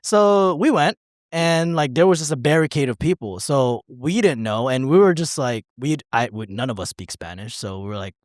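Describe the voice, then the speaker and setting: With lively intonation and a medium pitch, this co-host rambles through a story at normal speed, swearing, laughing and voicing other people's lines. The studio-quality audio has no echo.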